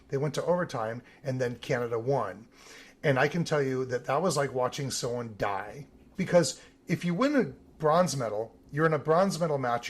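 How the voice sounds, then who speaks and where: Husky man telling animated stories. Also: medium pitch. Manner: animated storyteller, acts out quoted voices. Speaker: Olympic team photographer. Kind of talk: storytelling in a podcast interview.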